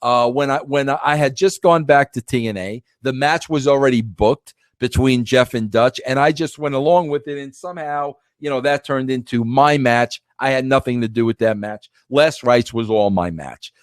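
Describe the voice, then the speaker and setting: A man's voice: medium pitch, moderate pace, hardly any pauses, dry recording. A middle-aged man hosting a podcast, telling a long casual story with many restarts and emphatic repeats. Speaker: podcast host.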